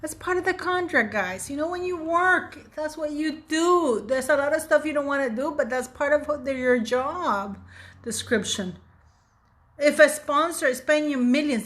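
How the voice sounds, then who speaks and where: Woman host, 50s, slightly high voice, blunt and fired-up opinion vlogging. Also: pushed and bright. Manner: emphatic, blunt, indignant. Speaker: channel host. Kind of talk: opinionated commentary vlog.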